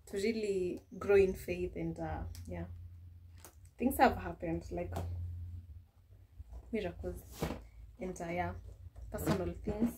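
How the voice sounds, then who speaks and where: Young Kenyan woman, vlogger, mellow tone, chatty, repeats words as she talks. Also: mid-range voice, a little hiss or hum. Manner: chatty, laughs often, many restarts. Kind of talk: casual vlog chat.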